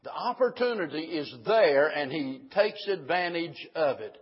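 Husky high-voiced preacher, dull recording. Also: male voice, expressive, measured pace. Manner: rising to fervent, emphatic preaching. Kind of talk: sermon.

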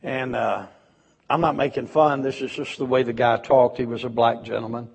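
A middle-aged man preaching a sermon in a folksy storytelling way, swinging from loud exhortation to hushed confession. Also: mid-range voice, steady tone, normal speed, vocal fry, breathy edge.

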